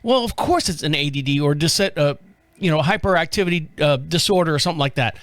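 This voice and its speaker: A man's voice: on the high side, expressive, quick pace, no echo. A male podcast host giving loose, rambling commentary and swearing freely. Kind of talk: casual commentary.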